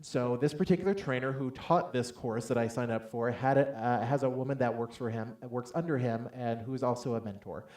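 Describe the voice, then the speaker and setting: Animated male stage speaker in an echoey hall. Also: mid-range voice, fairly quick, few pauses. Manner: animated storytelling, acts out dialogue loudly, calls for audience responses. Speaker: motivational speaker. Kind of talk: stage talk to a live audience.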